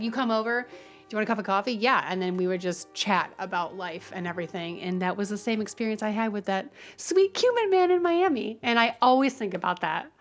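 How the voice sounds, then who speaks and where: A woman, a guest barista, talking earnestly and telling stories in a relaxed interview. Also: medium pitch. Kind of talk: casual interview.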